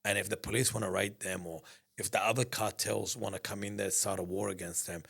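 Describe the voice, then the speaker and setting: A man telling a story in a casual interview, rambling and animated, acting out conversations and swearing freely. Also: fairly low pitch, brisk, creaky, breathy edge. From Australia. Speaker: business founder, guest.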